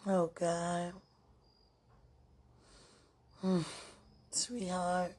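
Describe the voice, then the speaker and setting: A woman giving an emotional, prayerful spiritual monologue on a podcast, repeating phrases and often dropping to hushed murmurs. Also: fairly low pitch, little pitch movement, unhurried, long pauses, breathy edge. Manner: repeats phrases, many fillers.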